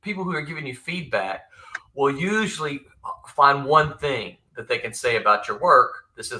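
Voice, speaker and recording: Male host, former editor type; very bright, animated storyteller, laughs a lot. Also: medium pitch, normal speed. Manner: animated storyteller, laughs often, many restarts. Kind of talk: casual live-stream chat.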